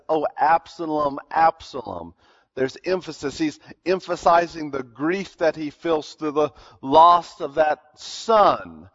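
A man with a high-pitched voice preaches a sermon, explaining things in an earnest, teacherly way that is full of "uh"s and restarts. The recording is dull and lo-fi. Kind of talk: expository sermon.

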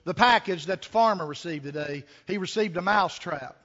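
A man's voice: high-pitched, normal speed, a bit bright. A man voicing a worried little mouse in a sermon story, telling bad news in an urgent, confiding way. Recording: echoey hall, dull lo-fi sound.

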